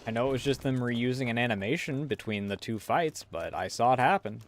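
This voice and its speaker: A man's voice: mid-range voice, brisk, a little hiss or hum. A man giving casual, wry gameplay commentary, muttering to himself as he plays. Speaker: gamer streamer.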